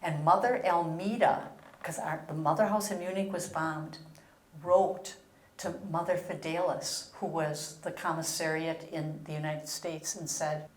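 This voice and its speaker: An older religious sister giving an earnest historical presentation, telling stories and reading out letters. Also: female voice, sits low, fairly even intonation, a little slow, roomy sound. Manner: earnest storytelling with read-out quotes.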